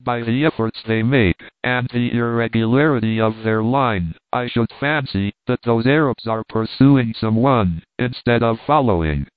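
A man's voice: mid-range voice, unhurried, few pauses, no room sound, natural voice. Man reading storybook part of a keen Scottish hunter, eager, tinny phone-like dry sound.

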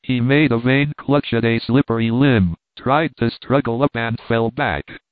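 A man narrating a classic novel aloud in a steady, measured way. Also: medium pitch, no echo. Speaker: audiobook narrator. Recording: tinny phone-like line, dry.

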